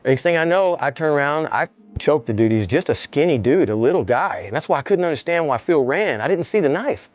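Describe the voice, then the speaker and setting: A man telling a story in a casual interview, animated, slangy and profane, often repeating himself. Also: fairly high pitch, a little fast, no echo, lo-fi sound. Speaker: interview guest.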